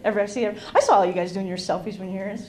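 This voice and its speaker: A woman's voice: mid-range voice, fast. A woman from Utah doing a self-deprecating stand-up comedy set on a club stage, teasing the audience. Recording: live club with loud crowd noise.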